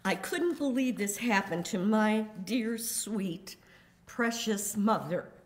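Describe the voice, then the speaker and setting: Slow, grave older woman reading a statement. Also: mid-range voice, animated. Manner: grave and deliberate, measured emphasis. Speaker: victim's daughter giving a statement. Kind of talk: reading a prepared court statement. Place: courtroom.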